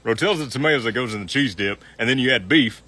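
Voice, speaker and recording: A man's voice: mid-range voice, fast talker, sharp tone. A man with a Southern US accent teasing and arguing good-naturedly in a casual couple video. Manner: teasing, folksy, stubborn.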